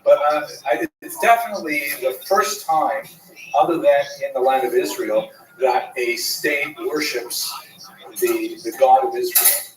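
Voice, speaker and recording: A man teaching a class as a rabbi, an animated storyteller. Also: mid-range voice, normal speed. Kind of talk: lecture. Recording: roomy, far from the mic.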